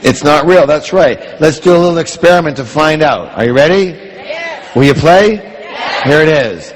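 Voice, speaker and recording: A man leads a motivational seminar before a large audience, pitched slightly high for a man. He keeps the room engaged with repeated call-and-response questions. His voice carries a long hall reverb. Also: expressive, moderate pace. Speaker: motivational speaker.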